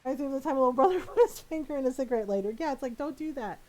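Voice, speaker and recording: A woman's voice: high voice, very fast, rough recording. A woman streamer in casual chat, telling a story with frequent laughter. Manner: animated storytelling, laughs often.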